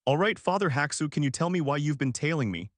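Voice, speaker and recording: Brief: a mild, teasing young woman, read by a male narrator, lively lines, dry close sound. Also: fairly high pitch, fast, dry recording, lightly acted. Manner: mild, smiling, then cutting. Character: calm, teasing young female gamer.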